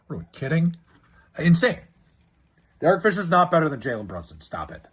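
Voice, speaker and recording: His voice is a little high and sing-song, fairly bright and breathy, and he talks fairly quickly. As a live streamer reading chat, he chats loosely with viewers, swearing freely and rambling as he argues about sports.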